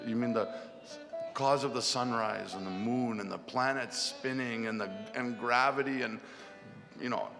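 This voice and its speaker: A man giving a heartfelt spiritual talk, telling a parable slowly and tearfully, with long pauses. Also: mid-range voice, creaky. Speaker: speaker at a devotional music festival. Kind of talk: emotional spiritual talk with a first-person parable. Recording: long hall reverb with music behind.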